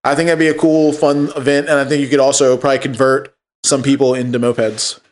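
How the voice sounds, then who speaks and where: A young man chats as a podcast guest, easygoing and enthusiastic, with plenty of slang. His voice sits at an ordinary middle pitch. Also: little pitch movement, fast. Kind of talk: casual chat.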